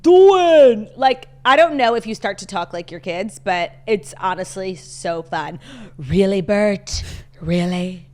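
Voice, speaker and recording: Woman cohosting a podcast, chatty and animated, says like a lot. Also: medium pitch, normal speed, few pauses. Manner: chatty, animated storytelling with frequent "like". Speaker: podcast co-host. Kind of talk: casual chat.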